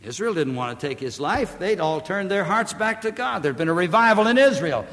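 A man preaching a sermon emphatically, swelling to loud declamation and dropping back low. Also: animated, fairly quick, big-room sound.

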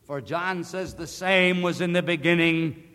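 A man preaching a sermon, emphatic and deliberate, slowing down to stress key words. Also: fairly high pitch, pushed and bright. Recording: long hall reverb.

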